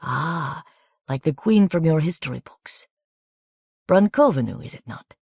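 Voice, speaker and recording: A woman voicing a tall soldier officer who speaks slowly, courteously and in a measured way while questioning a girl. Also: sits low, animated, darkish tone, slightly rough, no echo, studio quality, full character voice. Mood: polite probing. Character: tall soldier officer, smooth, polite, probing.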